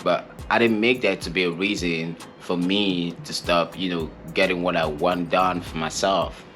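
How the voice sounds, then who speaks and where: A man's voice: low-pitched, normal speed, fairly bright tone, faint music behind. A young man from Nigeria, co-host of a couple's channel, answering an interview question in an earnest, emphatic way and repeating his points.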